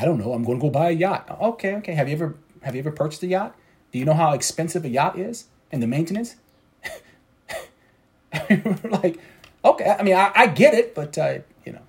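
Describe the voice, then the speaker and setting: A man's voice: sits high, darkish tone. A man coaching traders in a motivational talk, preachy and repeating his points for emphasis. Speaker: trading coach.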